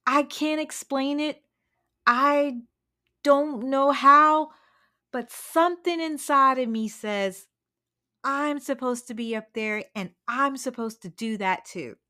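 A woman's voice: sits high, takes it slowly, bright, forceful tone, pitched above the performer's own voice, full character voice. A woman voicing an earnest young male eagle raised among chickens, talking in an eager, pleading way. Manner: eager, pleading, then deflated.

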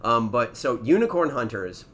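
A man's voice: mid-range voice, lively intonation, normal speed, a bit bright, a little hiss or hum. Blunt, profane podcast co-host, man. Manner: blunt, profane, laughs often, jumps in over the other speaker. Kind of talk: casual chat.

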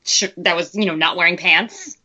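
A woman co-hosting a podcast in casual chat, animated and joking, with quick asides. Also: fairly low pitch, crowd noise. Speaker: podcast co-host. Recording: muffled lo-fi audio.

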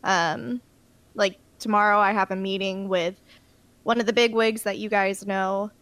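A woman's voice: mid-range voice, fairly even intonation, unhurried, a bit bright, no echo. Young radio gal rambling about her plans, lots of ums, dry close mic. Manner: chatty, trailing off with ums. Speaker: radio news presenter. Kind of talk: casual chat.

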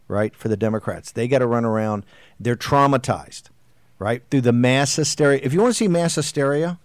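A man's voice: mid-range voice, no echo. A middle-aged man hosting a political talk show, delivering a combative, exhorting monologue that rambles with restarts. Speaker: host.

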